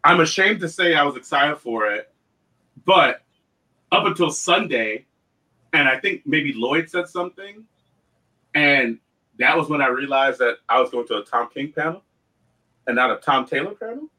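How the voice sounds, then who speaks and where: A man co-hosting a casual podcast chat, animated, often laughing and quoting himself. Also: on the high side, normal speed, long pauses, rough recording. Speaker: co-host.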